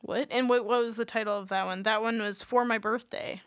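A woman's voice: on the high side, fairly even intonation, fairly quick, clean tone, no room sound, studio quality. A woman co-hosting a podcast in casual chat, playful and giggly, with a teasing manner. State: shivering with cold. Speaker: podcast co-host.

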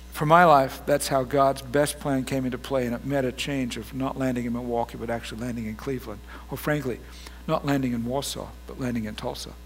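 A man's voice: medium pitch, gravelly, fairly bright tone, a little hiss or hum. A middle-aged man preaching a sermon as pastor, earnest and rising to emphatic bursts.

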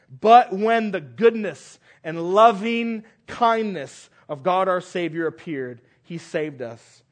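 With a slightly high voice, a male preacher delivers a sermon, driving points home through repetition and alternating between booming pronouncements and quiet, softened lines.

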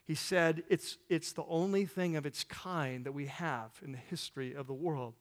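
A man speaking as a pastor from the pulpit, his voice sitting a little high. He tells his sermon story in a loose, animated way, stumbling through fillers and restarts as he goes. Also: moderate pace, big-room sound.

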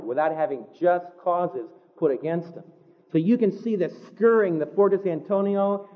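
A man delivers a sermon in a high voice, building a story with vivid detail and slowing down to stress key words. The sound is thin and narrow, like a phone line. He breaks into quick asides to his listeners between the story beats. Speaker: pastor.

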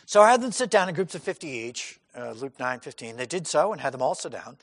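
A man's voice: fairly high pitch, sing-song, fairly quick, hardly any pauses, a bit bright, long reverb tail. A man preaching a sermon in a conversational, folksy way, acting out scenes with quoted voices and many asides. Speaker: pastor.

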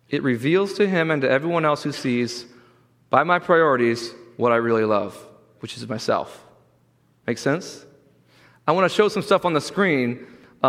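A man preaching a sermon as pastor, earnest, swinging from loud pleas to quiet, hushed lines. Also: on the high side, in a large hall. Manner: earnest preaching, rising loud for quoted voices, dropping quiet.

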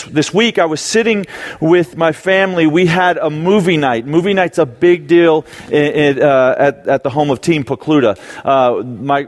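A man in his thirties, a young adult ministry pastor, giving a conversational sermon to a live audience, telling a family story and acting out quotes with frequent restarts. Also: on the high side. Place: church auditorium before a live audience.

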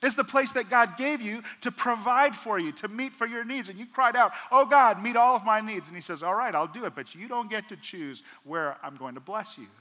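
A man's voice: high voice, expressive, fairly quick, few pauses, pushed and bright. A man pastor preaching a sermon, acting out dialogue and firing off rhetorical questions. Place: large church hall. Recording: long hall reverb.

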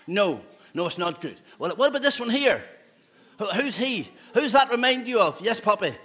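High bright-voiced pastor. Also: male voice, big pitch swings, normal speed. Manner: playful, asks children questions, laughs often. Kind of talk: children's talk in a church service.

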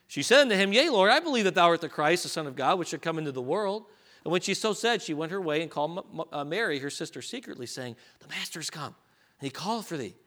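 A man preaching a sermon, reading scripture aloud with rising emphasis and dropping to quieter asides to explain it. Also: a little high, expressive, fairly quick.

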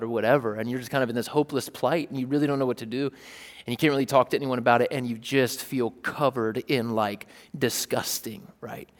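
A man in his thirties preaching a casual sermon, telling a story with self-deprecating humor. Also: medium pitch. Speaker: pastor. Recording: long hall reverb.

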